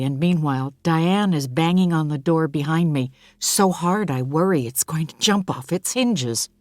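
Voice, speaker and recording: A woman narrating a novel in the first person in a measured, expressive way. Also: deep voice, no room sound, studio quality. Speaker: audiobook narrator.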